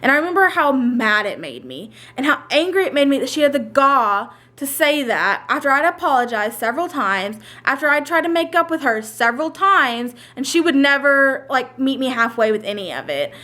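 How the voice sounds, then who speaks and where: A young woman recounts a story to her vlog audience in a high, light voice. She talks casually and chattily, often stopping on "like" as she replays the conversations. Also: sing-song, normal speed, pushed and bright. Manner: chatty, retells quotes in many "like" asides. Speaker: storyteller vlogger.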